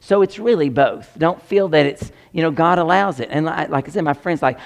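A man preaching a sermon, animated and joking as he talks straight to the congregation. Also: fairly high pitch, fairly quick, creaky, few pauses.

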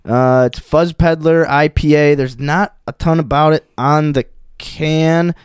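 A man's voice: fairly high pitch, fairly even intonation, unhurried, clear, resonant tone, no echo, studio quality. A young man with a Wisconsin accent co-hosting a podcast, chatting casually and rambling with fillers. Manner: laid-back, rambling with fillers. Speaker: podcast co-host. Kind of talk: casual chat.

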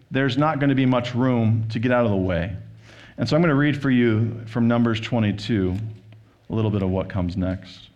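A male pastor giving a sermon, retelling and reading a scripture story in a relaxed, conversational manner. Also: on the low side, lo-fi sound. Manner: conversational storytelling, paraphrasing scripture with quoted voices.

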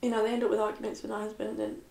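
A young woman talking to camera in a personal confessional vlog, halting and tearful, often breaking off and restarting her sentences. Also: fairly high pitch, flat delivery, vocal fry, echoey room. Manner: halting, many restarts and soft trailing phrases. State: tearful, upset. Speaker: vlogger.

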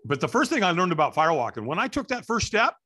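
A middle-aged man, a guest in an interview, telling a story with energy and acting out the voices and shouts of the people in it. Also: high-pitched, quick pace. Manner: lively, acts out quoted voices and shouts. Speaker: interview guest, firewalk instructor.

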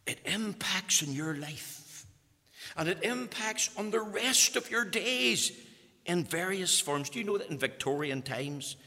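Male preacher, bright and forceful sermon delivery, slightly high voice, loud swells and hushed drops. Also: lively intonation, measured pace, gravelly. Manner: impassioned, swinging from hushed to loud, repeating words when emphatic. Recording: long hall reverb.

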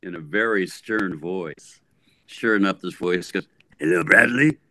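A middle-aged man, a guest musician, telling a long story in a casual interview, rambling and animated with frequent restarts. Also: low voice, a little slow, slight background noise.

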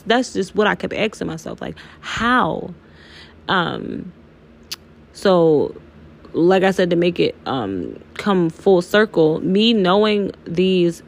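A young woman hosts her own podcast, talking candidly and emotionally and peppering her speech with swearing and y'all. Her voice sits a little low and has a gravelly fry to it. Faint noise hums behind her. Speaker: podcast host. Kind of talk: candid personal podcast monologue.

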